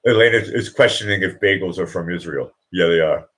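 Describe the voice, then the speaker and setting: A man's voice: sits low, fairly quick, a bit bright. A man hosting a casual livestream chat, rambling and joking and laughing often as he talks. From United States. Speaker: livestream host.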